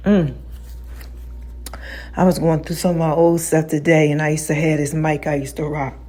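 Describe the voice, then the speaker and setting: Speaking at a moderate pace with frequent pauses, this podcast host has a low, mellow voice and a level tone. Alone on her show, she talks casually in slang, laughing a lot and acting out voices in her stories.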